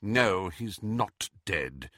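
A man voicing a stern, sharp-tongued older female professor with a clipped, scornful delivery. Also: mid-range voice, very animated, unhurried, no echo, studio quality. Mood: bitter.

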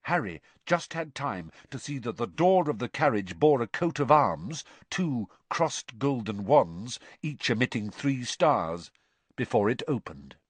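A man narrating a storybook audiobook in an expressive, suspense-building way. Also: medium pitch, unhurried, breathy edge, no echo. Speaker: audiobook reader.

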